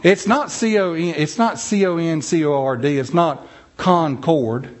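A middle-aged man with a drawling North Carolina accent tells stories to a group. His voice sits a bit high for a man, and his delivery is folksy and self-deprecating, stretching his syllables out. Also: animated, moderate pace. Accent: North Carolina Southern. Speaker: speaker giving a talk. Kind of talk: humorous storytelling talk.

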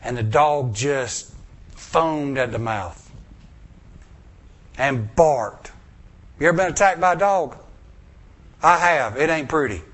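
A man's voice: a little high, lively intonation, takes it slowly, pauses often. Dramatic preacher man. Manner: dramatic, acts out voices, swings from loud to hushed. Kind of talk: sermon storytelling.

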